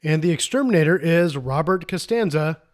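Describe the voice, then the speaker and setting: A man co-hosts a casual movie podcast, chatting through film reviews in a fairly high, expressive voice at normal speed. He's enthusiastic and rambling, frequently restarting his sentences.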